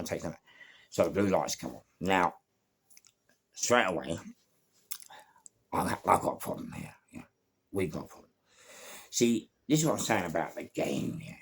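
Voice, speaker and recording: An older man with a London accent telling crime stories in a casual, animated monologue, swearing freely and acting out the voices of people in his story. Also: low-pitched, normal speed, long pauses, husky.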